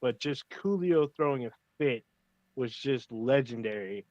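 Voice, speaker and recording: A man's voice: medium pitch, lively intonation, unhurried, a little mellow, no room sound. Enthusiastic man in a dull, dry recording. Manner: rambling, enthusiastic, swears freely. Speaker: podcast co-host. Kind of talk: casual chat.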